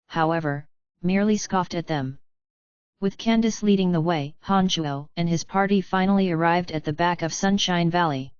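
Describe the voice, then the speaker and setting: A woman narrates a fantasy audiobook in a steady, even read. Her voice is smooth and somewhat low. The recording is dry and a little dull and muffled. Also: dry recording. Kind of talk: scripted narration.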